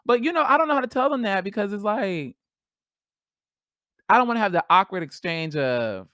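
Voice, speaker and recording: Animated slangy woman podcaster, dry sound. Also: mid-range voice, a little fast, pauses often, no echo. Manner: animated, slangy, laughs often. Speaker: podcast host. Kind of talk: casual solo podcast chat.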